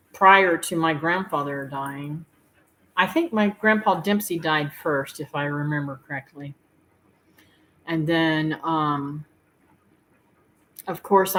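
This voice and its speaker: Heartfelt woman with a lowish voice. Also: a bit bright, low-quality recording. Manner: heartfelt, rambling, pausing with fillers. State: tearful at times. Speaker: homestead channel host. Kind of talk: emotional personal talk to viewers.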